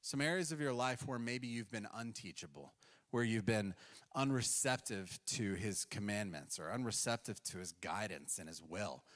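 A man's voice: on the low side, expressive, moderate pace, a bit bright. A male pastor preaching a sermon in a conversational storytelling way, acting out quoted voices along the way. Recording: long hall reverb.

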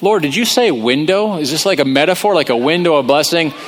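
Elijah, an incredulous, complaining male prophet, a bit higher, as a preacher puts him on. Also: lively intonation, a little fast, in a large hall, lightly acted.

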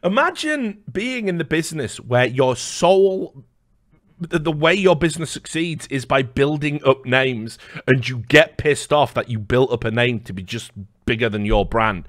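A man's voice: mid-range voice, lively intonation, moderate pace, fairly bright tone, no room sound, studio quality. A man reacting to a video on a live stream, mocking and sarcastic, swearing often.

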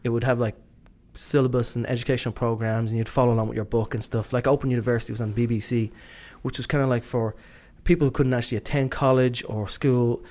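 Speaking fast with hardly a pause, this British podcast co-host has a medium-pitched, darkish voice and a flat delivery. In a casual chat he rambles eagerly, leaning on fillers and starting sentences over.

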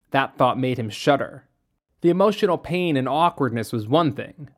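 A narrator reading a novel aloud in a steady, even storytelling manner. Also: medium pitch. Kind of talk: audiobook reading.

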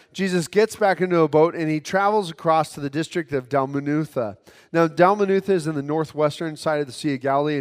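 High-voiced preacher in a reverberant hall. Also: male voice, clear, resonant tone. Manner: earnest, repeats words as he restarts. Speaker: pastor. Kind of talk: sermon.

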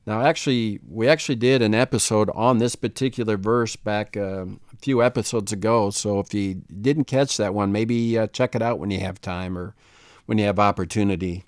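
A man teaching the Bible in a relaxed, conversational way, often checking in with "right?". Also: fairly low pitch, normal speed, smooth, dry recording, clean studio sound.

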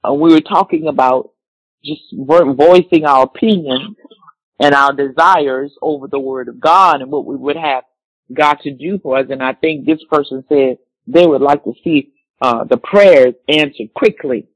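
A man preaching a sermon, reading scripture slowly and repeating key words for emphasis. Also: on the high side, husky, no room sound, poor audio.

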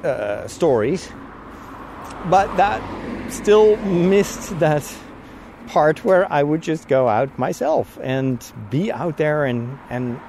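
A man's voice: fairly high pitch, expressive, takes it slowly, background noise. A man talking casually on a walking vlog, rambling and chatty with frequent laughs, a little out of breath from walking outdoors. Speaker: vlogger. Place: outdoors on a walk.

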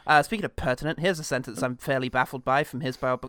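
A man's voice: mid-range voice, fairly even intonation, quick pace, a bit bright, clear, resonant tone, no room sound, studio quality. A man co-hosting a comedy podcast, riffing in casual chat with mock indignation. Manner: joking, mock-indignant riffs. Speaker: podcast co-host.

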